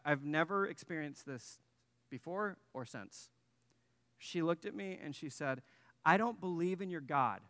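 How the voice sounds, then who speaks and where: A male pastor tells a story from the pulpit in a loose, casual way, full of fillers and self-deprecating asides. His voice sits a bit high and sounds bright. The sound carries a long reverb, as in a large hall. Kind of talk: sermon with personal story.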